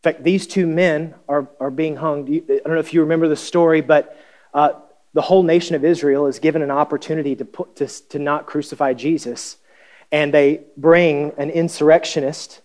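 A pastor preaching a conversational sermon, reading scripture and asking the congregation questions with wry humor. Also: male voice, on the high side, fairly even intonation, a little fast, a little mellow.

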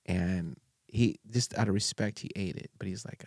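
A man's voice: low voice, moderate pace, darkish tone, breathy edge, no room sound, studio quality. A man hosting a podcast interview, telling rambling stories with many fillers and frequent laughs. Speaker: podcast host. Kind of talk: casual conversational interview.

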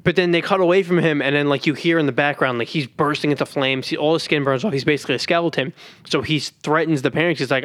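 A man's voice: on the high side, fast talker, fairly bright tone, no echo. A man with a somewhat raised voice talks casually on a podcast, retelling an episode plot with constant fillers. The sound is dry, with no room around it. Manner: rambling, many fillers like "like" and "you know". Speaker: podcast co-host. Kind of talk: casual chat recapping cartoon episodes.

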